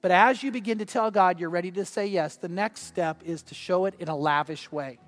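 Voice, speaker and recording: An older man who is a grandfather and pastor preaches a sermon through earnest storytelling, his voice dropping soft and quiet during personal moments. His pitch is high and his pace brisk.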